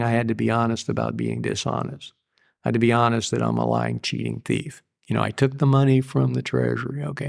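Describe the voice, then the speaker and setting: Gravelly older man telling it straight. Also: mid-range voice. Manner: blunt, profane, plain-spoken storyteller. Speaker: guest. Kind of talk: candid recovery story interview.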